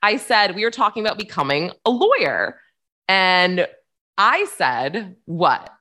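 Young woman, podcast co-host, bright tone, animated pitch, giggly, casual chat. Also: unhurried. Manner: chatty, giggly, many fillers.

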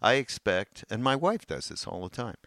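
A man's voice: mid-range voice, big pitch swings, normal speed, fairly bright tone, no echo, clean studio sound. A man co-hosting a podcast, talking loosely and chattily with plenty of fillers. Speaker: podcast co-host. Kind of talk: casual podcast chat.

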